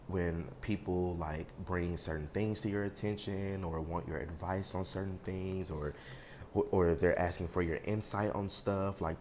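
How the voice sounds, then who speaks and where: A man with a very deep voice gives a casual tarot reading to his viewers. He rambles, leans on fillers and talks frankly, with a bit of swearing. A faint hiss sits under the recording. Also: darkish tone. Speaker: tarot reader.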